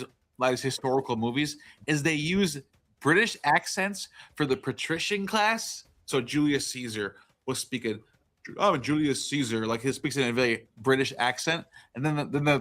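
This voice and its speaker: A man's voice: medium pitch, animated, moderate pace, a bit bright. A man on a debate stream talking in a loose, rambling way with lots of fillers. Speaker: panelist. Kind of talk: casual debate chat.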